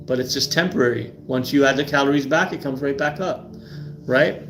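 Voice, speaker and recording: A man's voice: mid-range voice, a little fast, fairly bright tone, soft background music. A middle-aged man hosting a live stream about health, talking emphatically and often tagging lines with "right?", repeating words as he goes. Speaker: livestream host.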